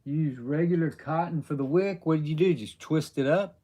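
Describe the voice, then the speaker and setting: Rambling, halting male live-stream host. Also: fairly high pitch, mellow. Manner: rambling, halting, answers viewer chat. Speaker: livestream host. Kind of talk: casual live-stream chat.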